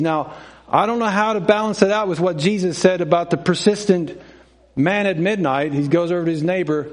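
A man's voice: a little high, brisk. A middle-aged male preacher giving a sermon, telling stories and acting out the people in them, with frequent self-questioning asides. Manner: storytelling, acts out voices, self-questioning asides.

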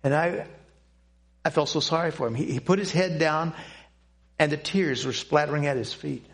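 An older man telling a personal testimony to a church audience, speaking in an earnest, halting way with pauses and restarts. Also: fairly high pitch, gravelly. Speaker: Christian speaker giving a testimony.

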